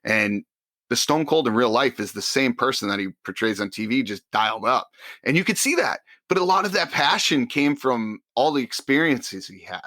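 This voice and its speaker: A man co-hosting a podcast, telling stories with enthusiasm in quick bursts. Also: medium pitch, lively intonation, pushed and bright, no room sound. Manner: enthusiastic, rapid bursts of storytelling. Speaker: podcast co-host. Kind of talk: casual chat.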